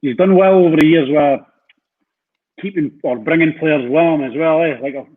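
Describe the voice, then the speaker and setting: A man hosting a podcast, chatting casually and cheering on his guest with quick replies. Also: a little high. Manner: brief encouraging replies, chatty. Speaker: podcast host. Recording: tinny phone-like line.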